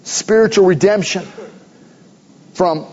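High-pitched guy preaching, earnest and repetitive, kinda muffled lo-fi audio. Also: slow, a little mellow. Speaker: pastor. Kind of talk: sermon.

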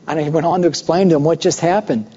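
High-voiced preacher in an echoing hall. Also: male voice, breathy edge. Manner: animated storytelling, acts out voices. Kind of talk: sermon with personal story. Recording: muffled recording with long hall reverb.

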